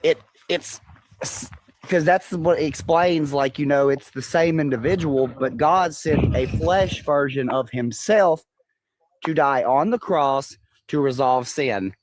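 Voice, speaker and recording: A man in a casual voice-chat discussion, speaking in a measured, questioning way with filler phrases. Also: a little high, a little hiss or hum. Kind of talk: casual debate.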